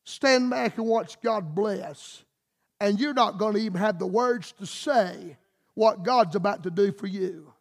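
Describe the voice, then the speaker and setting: Preacher guy, real high voice, repeats himself hard, sermon style. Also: unhurried. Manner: fervent, emphatic, rhythmic repetition.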